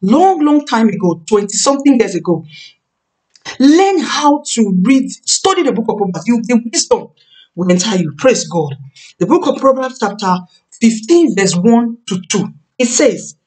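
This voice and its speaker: A woman in her thirties preaching a sermon on marriage, emphatic, repeating key phrases and slowing down to stress words. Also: on the high side, sing-song, a little mellow. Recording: voice a bit far from the mic.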